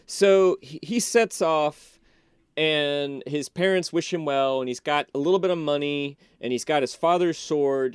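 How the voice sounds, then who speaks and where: Male podcast guest, smooth clear voice, dry close sound, chatty animated retelling. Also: medium pitch, no echo. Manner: animated, loose, full of "like" and restarts. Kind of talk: casual storytelling, retelling a film.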